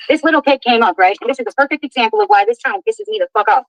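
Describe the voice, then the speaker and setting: A woman's voice: high-pitched, very animated, racing, creaky, hardly any pauses, low-quality recording. A woman ranting indignantly and with heavy profanity on a livestream while driving her car.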